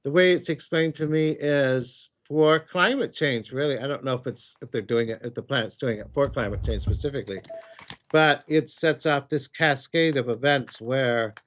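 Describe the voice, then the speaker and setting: A man's voice: mid-range voice, normal speed, fairly bright tone. A man hosting a casual livestream, answering viewer questions in a chatty, rambling way. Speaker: psychic livestream host.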